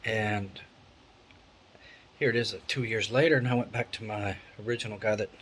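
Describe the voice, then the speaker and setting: A middle-aged man talks to his camera in a loose, rambling way, candid and conversational. His voice sits fairly low. A faint steady hum from a fan in the room runs behind him. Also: normal speed, low-quality recording. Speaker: vlogger. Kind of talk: casual vlog monologue. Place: indoor room with an electric fan.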